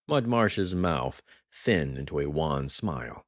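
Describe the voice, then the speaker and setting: A man narrating a thriller audiobook in a measured, dramatic way. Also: low voice, dry recording, studio quality.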